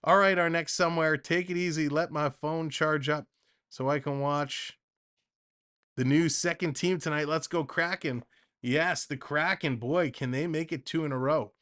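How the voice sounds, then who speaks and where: A man's voice: a little high, moderate pace, clear, resonant tone. Chatty man calling hockey on a livestream. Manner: chatty, excitable, reads viewer comments between calls. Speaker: livestream play-by-play host. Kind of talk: live play-by-play and chat reading.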